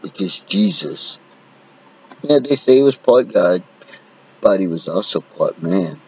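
A man's voice: on the low side, big pitch swings, measured pace, gravelly, darkish tone, slightly rough, lo-fi sound. A man from the United States delivering an unscripted, combative monologue full of profanity. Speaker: vlogger.

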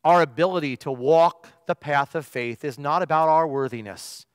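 A man's voice: a little high, moderate pace, few pauses, clean tone, no room sound, studio quality, long reverb tail. A male pastor preaching a sermon, telling stories with emphasis and stretching out the key phrases.

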